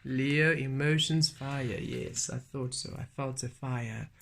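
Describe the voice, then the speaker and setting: Slow, chanting spiritual tarot reader. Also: mid-range voice, vocal fry. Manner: slow, incantatory repetition with frequent laughter. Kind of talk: spiritual channeled reading. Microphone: camera on a table.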